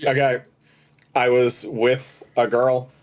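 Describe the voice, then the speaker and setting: A man's voice: medium pitch, slow pace. Laughing man telling a road story. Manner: laughs through his own stories, animated retelling. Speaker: podcast co-host. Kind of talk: casual chat, storytelling.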